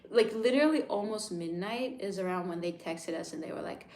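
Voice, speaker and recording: A woman in her thirties chatting casually on a livestream, reading comments and swearing freely, with hushed asides. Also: medium pitch, brisk. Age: 30s. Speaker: livestream host. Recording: echoey room sound.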